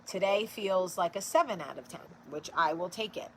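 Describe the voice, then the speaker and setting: A woman's voice: on the low side, moderate pace, a bit bright, slight background noise, low-quality recording. A woman in her forties from New Jersey, hosting a casual live-stream chat and talking straight to her viewers with blunt, profane humor. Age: 40s. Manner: talks straight to viewers and answers their comments. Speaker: host of a live video show.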